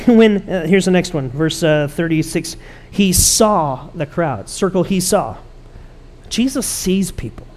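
A man's voice: high voice, animated, unhurried, darkish tone. A man pastor preaching a conversational, emphatic sermon to his church.

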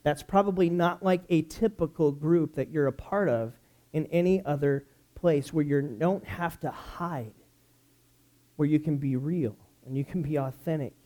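An American pastor preaches a sermon full of stories, his animated energy climbing loud whenever he gets excited. His voice sits a little high, and he keeps a measured pace.

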